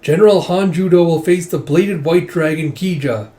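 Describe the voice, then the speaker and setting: Booming arena announcer, read by a man, higher than usual. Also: moderate pace, dark tone, natural voice. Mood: announcing. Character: loud male tournament announcer.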